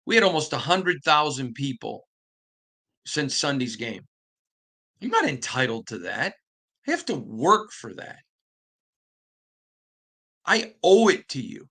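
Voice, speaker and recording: Male podcast host, bright and forceful tone, animated storyteller, stumbles and restarts. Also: medium pitch, measured pace, pauses often. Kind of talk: casual podcast monologue.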